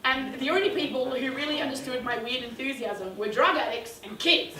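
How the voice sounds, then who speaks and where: With a crowd audible in the background, a young youth ministry speaker tells a funny, self-deprecating story, her voice sitting high and moving a little fast. She acts out the quotes with big vocal jumps, and the sound is roomy and distant, like a hall.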